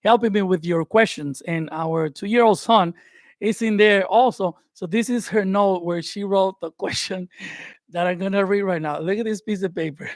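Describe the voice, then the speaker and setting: A man with a young family giving casual, animated YouTube advice during a live stream from his home studio. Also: high voice, normal speed, no room sound. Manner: animated, conversational, laughs often. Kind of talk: live-stream tutorial talk.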